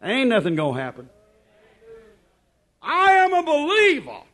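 A man preaching a sermon in an emphatic, repetitive cadence, dropping to hushed asides and rising to shouted declarations. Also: very high-pitched, huge pitch swings, a little slow.

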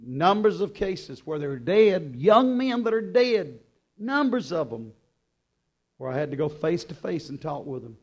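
A man preaching a sermon, impassioned and urgent, then dropping to quiet low passages. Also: very animated, unhurried, husky.

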